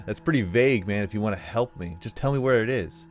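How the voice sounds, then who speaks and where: Rambling low-voiced male gamer. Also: fast talker, few pauses, faint music behind. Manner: chatty, rambling, self-mocking. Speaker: gaming video host. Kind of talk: casual let's play commentary.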